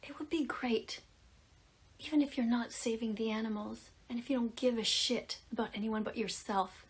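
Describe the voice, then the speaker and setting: A woman's voice: on the high side, fairly even intonation, brisk, husky. A woman giving a dramatic, moralizing activist monologue in an accusatory tone. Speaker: vegan activist. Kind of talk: preachy social media monologue. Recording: clip with music playing behind. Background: music.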